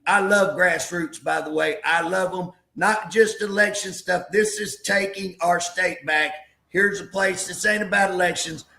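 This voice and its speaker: Man, political guest, folksy rally-style preaching, gravelly voice, roomy sound. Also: sits high, steady tone, measured pace, sharp tone. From southeast Oklahoma. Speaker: state representative guest. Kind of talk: impassioned political talk show interview.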